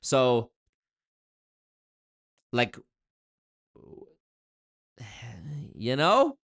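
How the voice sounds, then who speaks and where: A man in a mid-pitched voice runs a casual live stream, reading viewer comments aloud and riffing on them. His delivery is animated and jokey, jumping up high in pitch for excited shout-outs before settling back down to conversational commentary. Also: normal speed.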